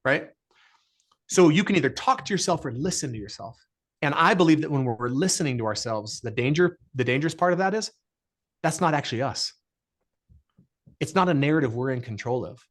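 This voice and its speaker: A man's voice: mid-range voice, animated, a little fast, fairly bright tone. A middle-aged man speaking as a podcast guest in an earnest, emphatic way, repeating phrases for effect. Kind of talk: motivational interview talk.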